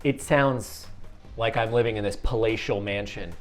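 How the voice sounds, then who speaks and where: A man's voice: on the low side, moderate pace, soft background music. A man hosting a casual wine tasting, joking and bantering with a friend. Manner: jokey, animated, playful banter. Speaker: wine reviewer host.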